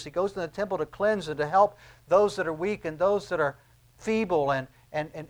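A middle-aged man preaching a sermon, dropping to quiet, low asides and then rising to loud, emphatic peaks. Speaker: pastor.

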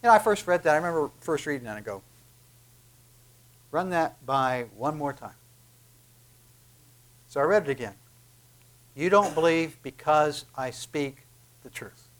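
A male pastor preaching a sermon, swinging from loud emphatic peaks to hushed, quiet asides. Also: fairly high pitch, lively intonation, brisk.

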